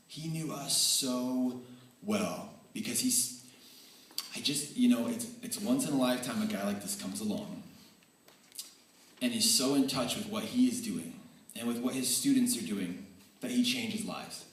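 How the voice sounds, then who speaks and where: A man giving a tribute speech at a banquet, telling energetic, animated stories that swing between excited and earnest. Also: mid-range voice, measured pace. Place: large banquet hall. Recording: echoey hall, voice from far off.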